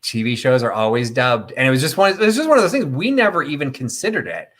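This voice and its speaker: A man's voice: medium pitch, very animated, fast, fairly bright tone. A middle-aged man hosting a casual live chat, telling a rambling, opinionated story full of fillers and tangents. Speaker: host of a live chat stream.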